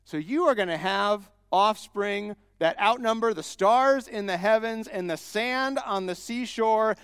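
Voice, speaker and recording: A man preaching a sermon as a pastor, emphatic and rising to loud repeated declarations. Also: high-pitched, clean tone, studio quality. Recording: long hall reverb.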